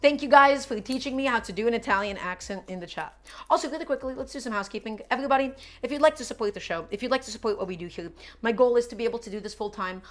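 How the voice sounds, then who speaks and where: A woman's voice: on the high side, racing, a bit bright. Chatty woman hosting a cooking stream. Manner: chatty, talks to chat viewers, repeats instructions. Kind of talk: casual live cooking stream chat.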